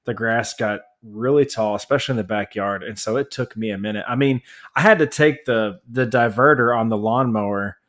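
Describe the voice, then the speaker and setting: A man co-hosting a podcast, telling a long story in an animated, rambling rant. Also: fairly low pitch, fairly quick. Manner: married family man. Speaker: podcast co-host. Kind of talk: casual chat.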